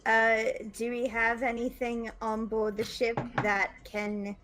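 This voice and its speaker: High female player, very slow delivery, giggly. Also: little pitch movement, fairly bright tone, soft background music, low-quality recording. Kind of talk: casual chat at a tabletop game.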